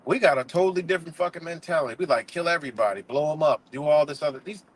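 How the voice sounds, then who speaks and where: A man's voice: on the high side, racing, rough recording. Heated, profane man ranting on a live stream. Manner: says "you know" often. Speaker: livestream host. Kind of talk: casual live-stream commentary rant.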